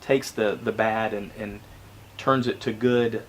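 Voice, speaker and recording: A man with a fairly low voice hosts a relaxed interview. He talks in a reflective, halting way and repeats words as he gathers his thoughts. Faint background noise sits under his voice. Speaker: interview host. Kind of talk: casual conversational interview.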